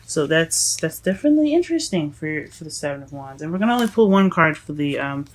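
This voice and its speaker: A woman giving a casual tarot reading to her viewers, halting and self-correcting as she goes, often calling them "guys". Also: low voice, sing-song, slight background noise. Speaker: tarot reader.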